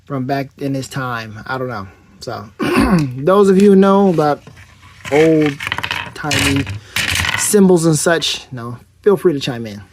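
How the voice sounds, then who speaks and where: A man with a voice sitting a little on the high side talks through a toy review in an easy, rambling way. He cracks jokes and stops to correct himself. The sound is dry and close to the mic. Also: darkish tone, no echo. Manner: rambling, joking, self-correcting. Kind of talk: casual unboxing review.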